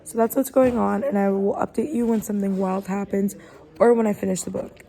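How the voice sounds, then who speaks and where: A young adult woman chatting in a casual reading vlog, gushing and excitable as she reacts to a book. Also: medium pitch, fairly quick, creaky. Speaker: book vlogger.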